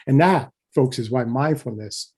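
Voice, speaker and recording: A middle-aged man delivers a keynote lecture in a relaxed, conversational manner, tossing in "right?" to check on his listeners and restarting phrases as he thinks. His voice is mellow and a little husky. He gets animated when acting out everyday examples. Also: mid-range voice, a little slow.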